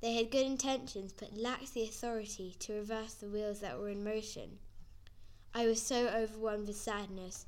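A woman's voice: medium pitch, steady tone, normal speed, darkish tone. A woman reading a first-person story aloud in an earnest, plain way. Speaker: narrator.

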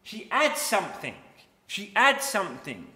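A man's voice: high voice, huge pitch swings, unhurried, bright, forceful tone. A man preaching a sermon, reading scripture passages aloud and explaining them verse by verse. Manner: expository, reads scripture aloud then explains it. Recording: echoey hall.

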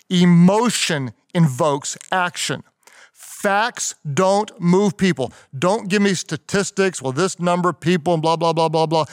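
A middle-aged man, a pastor, giving a leadership teaching talk with emphatic, punchy repetition, slowing down to stress key lines. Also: fairly high pitch, dry recording, clean studio sound. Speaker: pastor and leadership podcast host.

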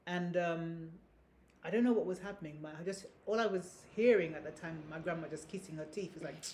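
A woman's voice: fairly low pitch, fairly quick, a little mellow, slight background noise. A woman from Grenada, a guest telling casual family stories, rambling with many restarts and fillers. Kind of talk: casual storytelling. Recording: roomy echo.

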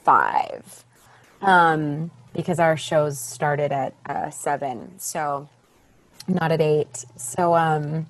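A young woman, a stage actress, chatting as a podcast guest, telling her story with lively acted-out quotes. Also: deep voice, extremely slow. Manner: animated, acts out quoted voices. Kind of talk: casual interview storytelling.

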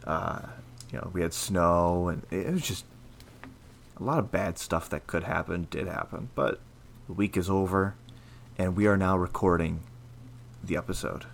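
A man hosting a casual podcast, talking in a steady, rambling way with lots of fillers. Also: deep voice, moderate pace, vocal fry, long pauses, slight background noise. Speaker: podcast host.

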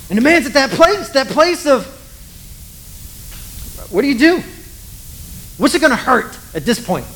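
A man preaches in a relaxed, conversational way, shifting up and down as he tells the story. He keeps checking in with the audience through quick asides. A faint steady hiss runs underneath. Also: very high-pitched, poor audio. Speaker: pastor. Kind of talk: sermon.

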